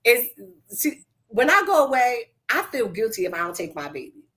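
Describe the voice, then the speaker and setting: A woman's voice: a little high, very animated, normal speed, crowd noise. Woman, mother, co-host, earnest, confessional, casual talk. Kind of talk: casual chat.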